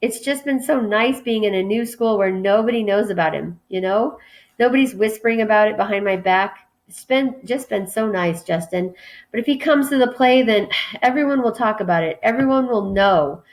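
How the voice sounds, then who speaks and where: A woman reading a children's book aloud, voicing an upset, tearful teenage girl who talks quickly. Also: lightly acted. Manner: quick, sobbing, higher voice.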